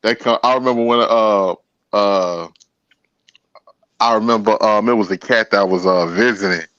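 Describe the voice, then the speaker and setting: A laid-back man hosting a casual podcast, speaking in a middle-pitched voice full of fillers and easy laughter. The recording is dry and slightly dull. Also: moderate pace, a bit bright, clear, resonant tone, dry recording. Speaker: podcast host.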